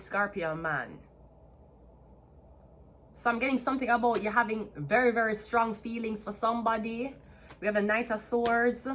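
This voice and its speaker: A woman with a Jamaican accent giving a chatty tarot card reading, excitable and repeating herself. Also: fairly high pitch, a little hiss or hum. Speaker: tarot reader. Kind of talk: casual tarot reading to camera.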